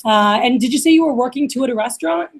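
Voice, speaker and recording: A woman's voice: high-pitched, quick pace. Chatty woman leading a receptionist workshop. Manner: casual, chatty, many fillers like "like" and "uh". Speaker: receptionist trainer. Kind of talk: workshop training talk with role-played phone calls.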